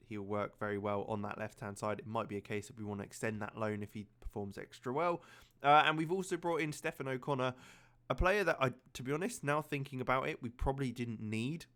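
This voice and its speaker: A man's voice: fairly low pitch, brisk. Chatty man doing game commentary. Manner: chatty, excitable play-by-play with fillers. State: slightly out of breath. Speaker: gaming channel host.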